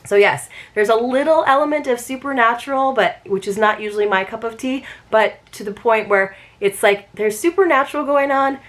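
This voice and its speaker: A woman's voice: a little high, a little fast, few pauses, fairly bright tone. A woman reviewing a book subscription box in a casual, chatty unboxing video, rambling and circling back on herself as she talks.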